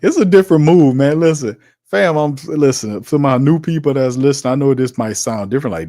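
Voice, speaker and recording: Hosting a sports talk livestream, a man rants with exasperation, laughing often, saying "man" and "fam," and talking back to the chat. His mid-range voice is expressive, brisk and dark, recorded in studio quality with no room sound.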